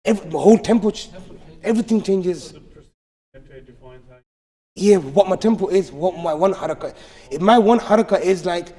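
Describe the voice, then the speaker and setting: A man's voice: high-pitched, moderate pace, long pauses, mellow. A man teaching recitation rules in a live class, explaining step by step and checking that students follow. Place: large mosque hall. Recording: long hall reverb.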